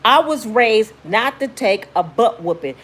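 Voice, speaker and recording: A woman's voice: fairly high pitch, a little slow. A woman vlogger telling a story in casual, emphatic commentary, slangy and blunt, acting out what people said. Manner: emphatic, animated, slangy, acts out quotes in shrieks.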